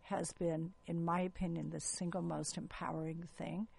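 A woman gynecologist speaks as an interview guest, explaining in an earnest way. Her voice is low and very gravelly, with a husky edge. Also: level tone, moderate pace, darkish tone.

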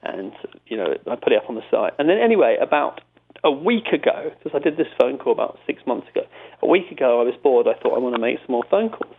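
A man's voice: mid-range voice, sing-song, fast talker, breathy edge. A British man, a comedy writer, chatting in an interview, telling rambling, self-amused stories with many restarts. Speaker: comedy writer and prank caller. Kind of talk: casual interview chat. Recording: tinny phone-line sound.

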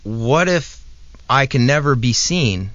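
Steady explaining man. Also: mid-range voice, slow pace, dry recording. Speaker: guest knife maker. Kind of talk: casual explanation. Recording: dull lo-fi dry recording.

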